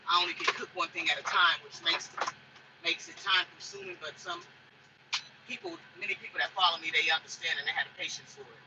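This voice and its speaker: A woman's voice: deep voice, sharp tone, husky, muffled recording. A woman truck driver chatting in a casual cooking vlog from inside her truck cab. She rambles and repeats herself as she talks.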